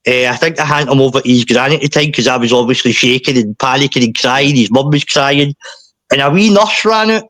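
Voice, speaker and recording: A man, a podcast guest, recounting a painful personal story in a halting way, often repeating himself and saying mate. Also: mid-range voice, fairly bright tone, dry recording.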